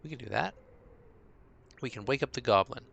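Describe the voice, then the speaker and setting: A man's voice: medium pitch, vocal fry, fairly bright tone, highs cut off. A man streaming live as dungeon master, rambling and talking to himself while he waits for viewers. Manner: rambling, talks to himself between pauses. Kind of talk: casual live-stream chatter.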